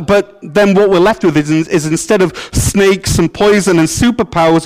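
A man preaching a sermon as pastor, in a playful, joking storytelling manner. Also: high-pitched. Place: church.

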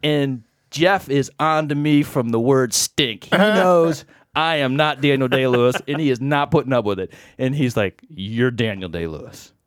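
A man telling a long anecdote on a podcast, animated and acting out the other people's voices. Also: medium pitch, moderate pace, dry recording, clean studio sound. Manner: animated, acts out quoted voices. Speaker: podcast guest. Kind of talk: storytelling anecdote.

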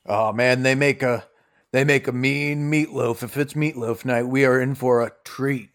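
A man's voice: medium pitch, fairly even intonation, normal speed, fairly bright tone. A man in a casual, jokey manner, running a tabletop game as game master. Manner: jokey, laughs often.

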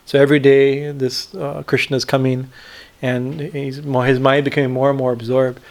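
Gravelly man giving a halting spiritual talk. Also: mid-range voice, flat delivery. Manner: halting, many fillers and repeated "right?". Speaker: swami teacher. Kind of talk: spiritual discourse retelling a story.

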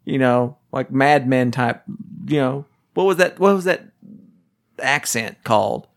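A man's voice: medium pitch, lively intonation, measured pace, creaky. A man hosting a board game podcast in casual chat, teasing and playful.

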